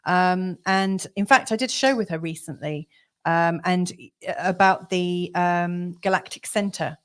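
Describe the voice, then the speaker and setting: A woman co-hosting a live stream, chatting casually with many fillers and soft laughs over a video call. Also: on the low side, a little slow, clear, resonant tone. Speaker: co-host of a live astrology giveaway show.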